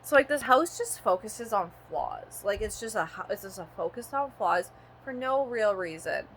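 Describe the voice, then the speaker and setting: Woman in her 30s from canada venting on her vlog, bright voice, swears a ton, rambles with lots of "like". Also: mid-range voice, lively intonation, normal speed, a little hiss or hum. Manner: profane, rambling, frequent "like" fillers. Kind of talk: ranting vlog monologue.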